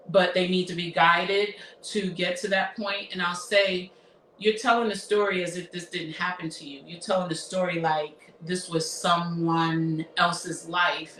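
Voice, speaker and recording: A woman's voice: on the low side, pushed and bright. Emotional, reflective woman in her fifties. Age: 50s. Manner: emotional, reflective, halting with restarts. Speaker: therapist. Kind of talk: personal storytelling monologue. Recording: roomy echo, somewhat far from mic, faint noise.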